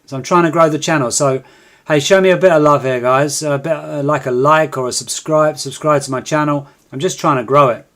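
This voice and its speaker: A man's voice: a little high, steady tone, a little fast, a bit bright. A man hosting a live trading stream, chatting casually and coaxing viewers to join in.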